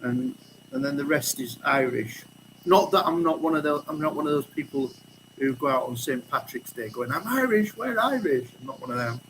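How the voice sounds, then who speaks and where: A man's voice: mid-range voice, steady tone, brisk, fairly bright tone, slight background noise, low-quality recording. A man with a Yorkshire accent, a guest on a stream playing God in casual joking chat. He talks in a chatty, mock-solemn, rambling way. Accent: Yorkshire English.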